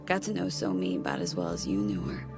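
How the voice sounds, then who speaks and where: A woman's voice: a bass voice, wildly swooping pitch, fast talker, full character voice. An actress playing a tough, blunt female mercenary who swears casually. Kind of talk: video game voice acting. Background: music.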